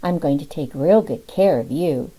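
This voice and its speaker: A woman reading as a smooth-talking lecherous preacher. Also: deep voice, lively intonation, moderate pace, mellow, pitched below the performer's own voice, poor audio. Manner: syrupy, pet names, chuckling.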